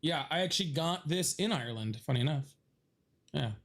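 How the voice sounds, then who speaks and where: A man with a fairly high voice talks loosely to a live audience, wandering from one story to the next and breaking into laughter. His voice sounds a little stuffy from allergies. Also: lively intonation, brisk, a bit bright. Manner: rambling, joking, laughs often. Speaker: live stream host. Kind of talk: casual chat to a live audience.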